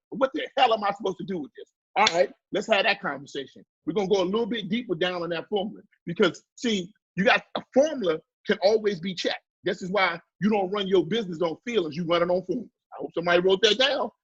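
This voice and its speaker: Preachy man, higher-pitched husky voice, coaching viewers like a sermon. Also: a bit bright, highs cut off. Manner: preachy and emphatic, repeats key phrases, talks to the viewers. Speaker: business coach. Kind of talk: motivational livestream lesson.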